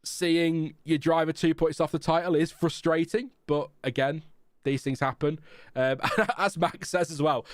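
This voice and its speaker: A man's voice: fairly high pitch, fairly even intonation, measured pace, no room sound, studio quality. A man hosting a casual live watchalong stream, chatting frankly and rambling with fillers. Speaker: livestream host.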